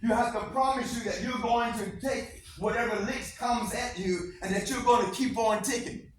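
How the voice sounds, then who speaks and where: A man's voice: extremely high pitch, moderate pace. A man giving a motivational speech to students in a classroom, emphatic and repetitive, leading call-and-response. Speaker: motivational speaker. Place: school classroom. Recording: echoey classroom from far off, faint noise.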